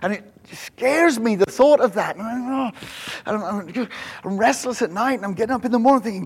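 High-voiced pastor preaching in a reverberant hall. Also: male voice, a little fast. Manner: animated storytelling, acts out quotes, frequent restarts. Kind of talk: sermon. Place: church.

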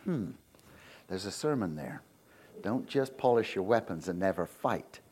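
A male preacher giving an animated, jokey sermon, often laughing and checking in with the crowd with quick rhetorical questions. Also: low-pitched, a little hiss or hum. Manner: animated, asks the crowd frequent "right?" questions.

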